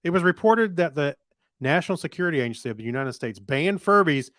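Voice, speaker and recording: A man's voice: fairly high pitch, animated, a bit bright, no echo, studio quality. Chatty man co-hosting a podcast. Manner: chatty, quick asides with restarts and laughs. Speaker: podcast co-host. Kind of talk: casual tech news chat.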